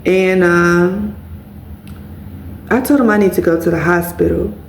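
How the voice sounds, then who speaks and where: A woman's voice: on the low side, fairly even intonation, a little slow, slight background noise. Blunt woman vlogger in an echoey room. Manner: candid, blunt, swears freely, addresses viewers as y'all. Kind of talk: personal storytelling to viewers.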